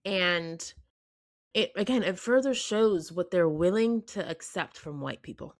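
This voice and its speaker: Woman, podcast co-host, blunt and opinionated, casual chat, lowish voice, dry close sound. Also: measured pace, dry recording.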